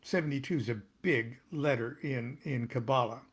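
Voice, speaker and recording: An older American man reading aloud from his own tarot booklet, pausing to explain terms and make small jokes. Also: mid-range voice, slightly rough. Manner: unhurried, stops to explain and joke. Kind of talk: casual reading with asides.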